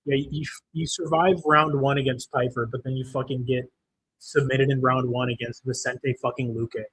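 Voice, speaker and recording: A young man hosting a live stream, swearing constantly and venting his frustration over a lost bet. His voice sits at an ordinary middle pitch, and he answers chat comments in a casual, irritated way. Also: fairly even intonation, moderate pace, fairly bright tone, husky. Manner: profane, frustrated ranting; reads chat comments aloud. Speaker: livestream host.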